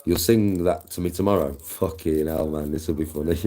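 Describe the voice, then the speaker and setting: A man's voice: low-pitched, moderate pace, dark tone. A man, chatting casually on a live stream, swearing freely and greeting viewers. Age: 40s. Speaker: livestreamer.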